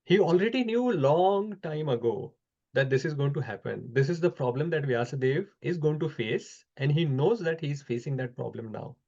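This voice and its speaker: A man teaching a scripture class over an online call, explaining slowly with frequent pauses. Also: fairly high pitch, lively intonation, vocal fry, a little mellow, highs cut off.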